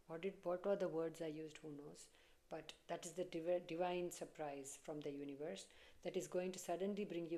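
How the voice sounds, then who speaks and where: A woman's voice: sits low, mellow. A woman giving a casual tarot reading, chatty and repetitive, often breaking into laughter. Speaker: tarot reader.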